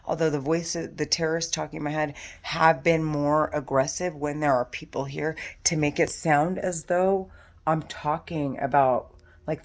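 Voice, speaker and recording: Upset woman venting to camera at home, lowish voice, swearing and repeating herself. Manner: angry, profane, repetitive ranting. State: distressed and agitated. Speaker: vlogger. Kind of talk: agitated monologue to camera. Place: at home in her condo.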